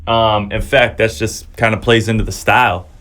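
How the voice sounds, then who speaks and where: A man's voice: lowish voice, fairly even intonation, normal speed, fairly bright tone. A man, a music producer, talking casually as he reacts to fans' songs, encouraging and chatty, full of restarts and fillers.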